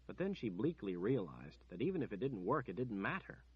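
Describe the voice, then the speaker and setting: A man narrating an audiobook in a steady, measured storytelling manner. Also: lowish voice, slightly rough, no echo, phone-quality sound.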